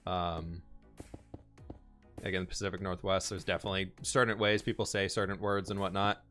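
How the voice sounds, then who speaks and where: A man's voice: low-pitched, level tone, normal speed, sharp tone, faint music behind. A man streaming live, chatting casually and thinking aloud as he answers chat and builds in a game.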